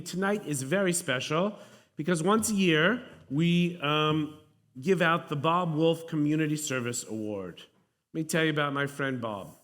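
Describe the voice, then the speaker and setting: High-voiced rabbi telling a story. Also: male voice, a bit bright. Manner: storytelling, anecdotal, with pauses. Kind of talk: warm-hearted synagogue talk. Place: synagogue sanctuary.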